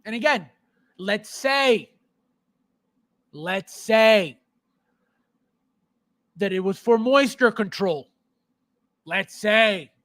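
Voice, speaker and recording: A man's voice: sits high, lively intonation, drawn-out words, long pauses, fairly bright tone, no room sound. A man hosting a collector's live show, ranting heatedly and sarcastically at viewers, repeating himself in exasperation. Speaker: podcast host. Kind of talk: live stream chat with viewers.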